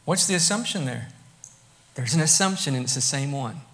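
A man preaching a sermon, emphatic, moving between quiet asides and loud bursts. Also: medium pitch, expressive, moderate pace. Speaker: pastor.

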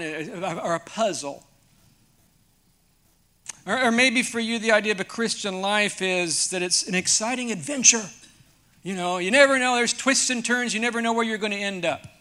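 A man's voice: sits high, sharp tone. A man preaching a sermon in a folksy, conversational way, asking the congregation questions. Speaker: pastor.

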